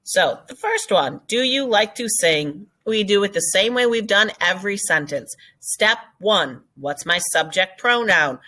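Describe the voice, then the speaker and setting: Lively bright-voiced woman teaching French. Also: medium pitch, measured pace, few pauses. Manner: lively, explanatory, switching between French and English. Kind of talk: recorded video lesson.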